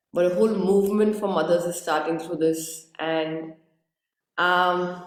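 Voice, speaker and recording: A woman's voice: on the low side, a little mellow. A woman from India hosting a live interview, sounding groggy and speaking in an earnest, effusive way that repeats words. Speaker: host. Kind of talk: live-streamed interview introduction. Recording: very echoey room.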